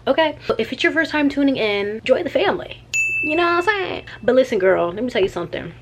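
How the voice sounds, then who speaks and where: A young woman telling an animated, chatty travel story in a casual vlog. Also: sits high, fast, heavy background noise. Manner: animated and chatty, with slangy asides. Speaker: vlogger.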